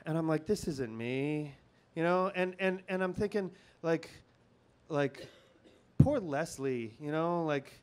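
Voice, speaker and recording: A man's voice: a little high, steady tone, slow, darkish tone, clean tone. A man telling a rambling comic story on stage at a live show, nervous and full of restarts and fillers. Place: live comedy venue.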